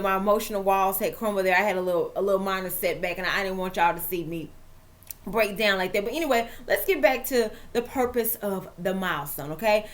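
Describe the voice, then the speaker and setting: A woman hosting a chatty football vlog, playful and dramatic. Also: mid-range voice. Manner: lively, playful, dramatic asides. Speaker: vlog host and author.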